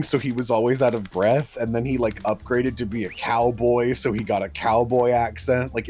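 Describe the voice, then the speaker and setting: A man chatting casually on a livestream, his stories animated and broken up by quick bursts of laughter. Faint music plays underneath his voice. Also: on the low side. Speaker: livestream co-host. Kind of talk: casual stream chat.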